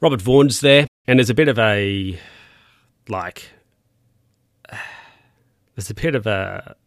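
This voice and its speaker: A man's voice: fairly low pitch, slow pace, no room sound, studio quality. A man casually recapping a film scene by scene, rambling and correcting himself with plenty of fillers.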